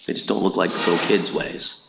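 A man's voice: deep voice, level tone, brisk, creaky, background noise. A middle-aged man from Indiana giving a personal testimony talk at church, telling stories earnestly with frequent fillers and restarts. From Indiana, USA.

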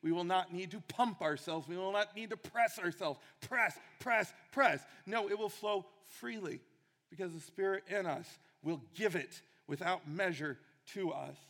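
A man's voice: high-pitched, moderate pace, big-room sound. A man preaching a sermon, earnest and emphatic, repeating key phrases for weight.

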